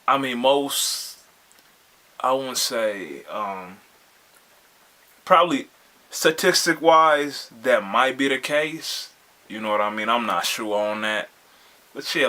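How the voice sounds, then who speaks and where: A man's voice: fairly low pitch, sharp tone. A man hosting a reaction video, commenting casually in laid-back slang and often asking "you feel me".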